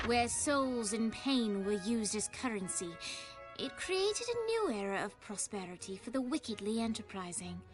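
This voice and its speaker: An actress voicing a female storybook narrator in a video game, telling the tale in a measured, wry way. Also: on the high side, natural voice. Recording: game audio with music underneath. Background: game music.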